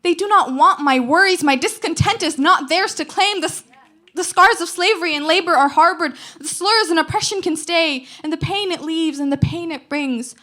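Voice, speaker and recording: Teen girl slam poet, high voice, rhythmic and emphatic recitation with weighty pauses. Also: pushed and bright. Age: teens. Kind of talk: spoken word poetry performance.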